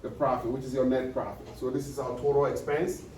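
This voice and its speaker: A man's voice: medium pitch, level tone, fairly quick, darkish tone. A man giving an accounting lecture, repeating key points and often checking that students follow. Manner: repetitive, checks understanding with questions. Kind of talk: classroom lecture. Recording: echoey room, distant mic, faint noise.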